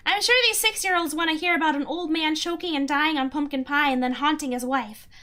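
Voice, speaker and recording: Young woman, streamer, high voice, casual rambling chat, giggly. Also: fairly even intonation, brisk, sharp tone.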